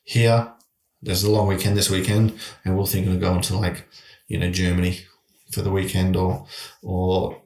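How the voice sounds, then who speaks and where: A man's voice: deep voice, flat delivery, moderate pace, darkish tone, far from the mic. A middle-aged man, telling a long story in casual chat, with many restarts. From Australia. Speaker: guest. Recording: echoey room.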